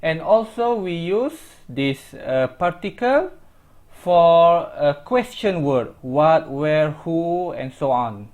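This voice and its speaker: Slow, deliberate teacher with a lively pitch. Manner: slow, deliberate explanations with repeated example phrases; simple English with small grammar slips. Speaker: language teacher. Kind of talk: recorded language lesson.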